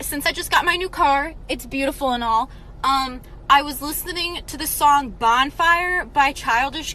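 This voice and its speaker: A young woman telling a casual story time in an excited, gushing way. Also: high voice.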